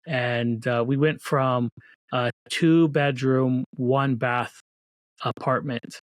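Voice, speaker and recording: A man tells his own story as an interview guest, earnest and faith-filled, often restarting his sentences. His voice sits at an ordinary pitch and is recorded close, with a dry sound. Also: fairly even intonation, takes it slowly, no echo. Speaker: guest, children's book author. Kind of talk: casual interview talk.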